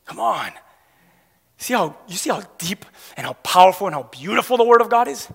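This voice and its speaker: A man's voice: high-pitched, sing-song, brisk, creaky, a bit bright, slightly rough. A man preaching a sermon as a pastor, throwing questions at the congregation and waiting for them to answer. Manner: emphatic call-and-response questioning. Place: church sanctuary. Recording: long hall reverb.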